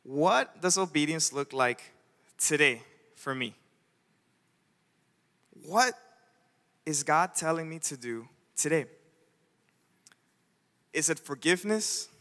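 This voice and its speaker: Bright-voiced male pastor in a reverberant hall. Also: a little high, takes it slowly, pauses often. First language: Spanish. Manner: animated storytelling, acting out quoted voices. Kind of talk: sermon. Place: church sanctuary. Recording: church hall with long reverb.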